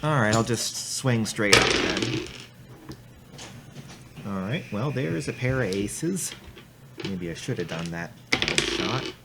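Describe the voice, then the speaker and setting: A player in a tabletop game, thinking aloud slowly while adding up dice rolls. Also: medium pitch, lively intonation, vocal fry. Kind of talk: casual tabletop play. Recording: very noisy home recording.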